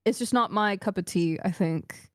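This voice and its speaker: A woman streamer chatting casually, giving her views in a thoughtful and frank way. Her voice sits at an ordinary middle pitch. The sound is close and dry, with no room in it. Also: moderate pace, no room sound. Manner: thoughtful and candidly opinionated. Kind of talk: casual chat.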